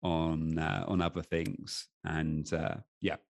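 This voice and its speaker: A man's voice: very deep voice, level tone, slow pace, creaky. A middle-aged English man with an English accent, a podcast guest talking casually with many restarts and fillers. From England. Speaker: podcast guest, anxiety coach. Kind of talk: casual conversation.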